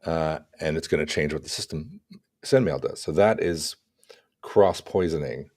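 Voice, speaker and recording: A man co-hosting a casual tech podcast, talking through examples in an animated way with acted-out asides. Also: extremely low pitch, normal speed. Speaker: podcast co-host.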